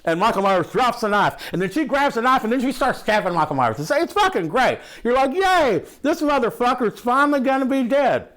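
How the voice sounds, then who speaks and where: A man's voice: very high voice, big pitch swings, brisk, few pauses, fairly bright tone, voice pushed up, full character voice. A man doing a brash, foul-mouthed movie buff. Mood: excited. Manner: profane, loose and rambling, drops "ain't". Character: brash foul-mouthed man gushing about horror films. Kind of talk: comic character monologue.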